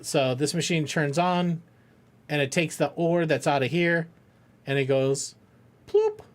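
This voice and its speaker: Middle-aged guy on a charity game stream, kinda high voice, rambling and cursing, laughs a lot. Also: fairly even intonation, a little slow. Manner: rambling, jokey, swears freely, laughs often. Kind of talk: casual live-stream chat.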